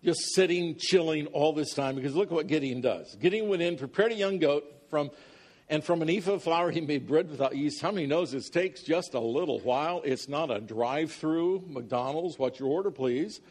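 A man's voice: on the high side, normal speed, a little mellow. A man preaching a sermon, reading scripture aloud dramatically and breaking off for jokey, conversational asides to the congregation. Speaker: pastor.

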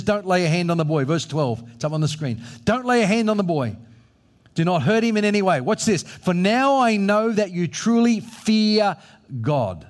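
Brief: middle-aged male pastor, higher voice, emphatic sermon delivery. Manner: emphatic preaching, acts out Bible voices.

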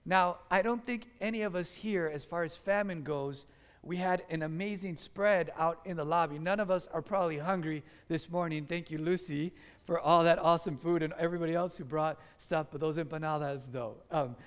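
A man from the United States preaching a sermon to a congregation, animated and urging them to call back responses. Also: on the high side, moderate pace, clear, resonant tone, big-room sound. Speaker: pastor. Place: church sanctuary.

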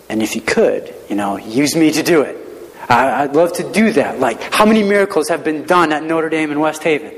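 A man who works as a schoolteacher, telling a personal testimony in an earnest, self-deprecating, conversational way. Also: a little high. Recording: long reverb of a large hall.

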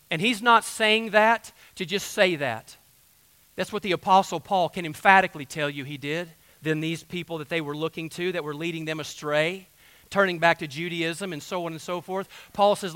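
A man's voice: a little high, moderate pace, pushed and bright, no room sound. A man preaching a sermon in a folksy, conversational way, full of asides to the congregation. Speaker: pastor.

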